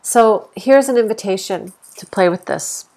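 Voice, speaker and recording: A woman with a stuffy nose talks through a casual spiritual podcast from home, easygoing and enthusiastic, with soft laughs and fillers as a yoga teacher and host. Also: medium pitch, measured pace.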